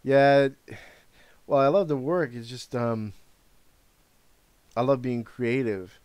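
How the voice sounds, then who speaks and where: A man's voice: medium pitch, slow pace, darkish tone, smooth, no room sound. A middle-aged man hosting a live stream, chatting casually in a frank, rambling way and swearing now and then. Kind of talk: casual chat.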